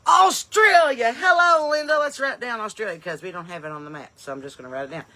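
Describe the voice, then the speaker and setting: Bright, chatty woman. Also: lowish voice, very animated, very fast. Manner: chatty, calls out place names loudly and eagerly. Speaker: comedian and podcast host. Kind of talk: live-stream chat, greeting viewers.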